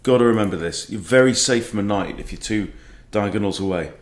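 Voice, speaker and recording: A middle-aged chess coach gives brisk live commentary on his own online games, self-mocking and exasperated, sighing as he plays. His voice is lowish, and the room echoes.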